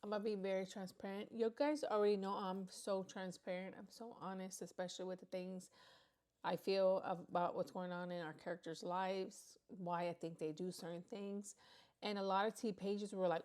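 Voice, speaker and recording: A woman's voice: medium pitch, normal speed. Woman giving candid commentary. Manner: candid, explaining her take in a steady talk. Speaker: commentary channel host. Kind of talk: casual commentary.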